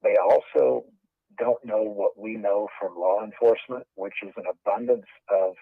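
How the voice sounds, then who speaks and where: A man giving a measured statement, steady and repetitive with many fillers, heard through tinny phone-like audio. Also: fairly low pitch, husky, dry recording. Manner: steady, repeats phrases, many "you know" fillers.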